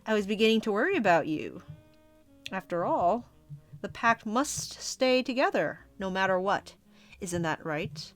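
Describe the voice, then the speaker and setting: A woman voicing a calm, polite male pack leader who speaks in a measured, courteous way. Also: medium pitch, soft background music, close to an everyday voice.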